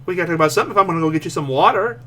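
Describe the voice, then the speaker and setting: A man's voice: high voice, racing, bright, forceful tone, slight background noise. A man hosting a podcast in casual, teasing, jokey chat. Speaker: podcast host.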